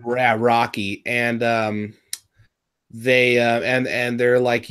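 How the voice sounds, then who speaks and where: Excitable rambling man, casual surfer talk. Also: medium pitch, takes it slowly, clean tone. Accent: Californian. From California. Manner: rambling, excitable, lots of fillers and restarts. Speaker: podcast co-host reviewing a cartoon episode. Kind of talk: casual chat.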